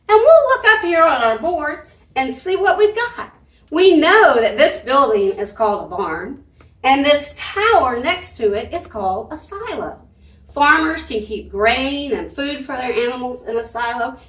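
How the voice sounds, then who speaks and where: A woman's voice: high-pitched, very animated, measured pace, fairly bright tone. A woman, a children's librarian leading a sing-along lesson with cheerful, coaxing talk and animal sounds. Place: library room. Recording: echoey room, mic at a distance.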